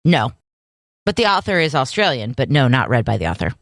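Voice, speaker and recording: A woman co-hosting a casual podcast chat, relaxed and dryly amused, reassuring her co-host. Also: a bass voice, fairly quick, no echo, studio quality.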